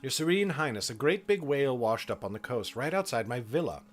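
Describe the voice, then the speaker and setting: A man voicing a greedy, scheming male patrician noble in a game, reading in a brisk, wheedling courtly way. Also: medium pitch, animated, soft background music, natural voice.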